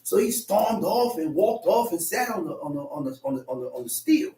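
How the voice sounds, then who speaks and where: A man's voice: high voice, lively intonation, a little fast, gravelly, dark tone. Preacher man in an echoey room. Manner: storytelling, acts out voices in quotes. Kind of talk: sermon with personal story. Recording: echoey room, mic at a distance.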